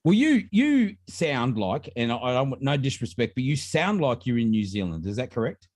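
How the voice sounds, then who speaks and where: A man hosting a livestream prize announcement over a video call, animated and repeating his points for emphasis. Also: mid-range voice, normal speed, dry recording, clean studio sound. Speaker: host. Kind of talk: live stream prize announcement.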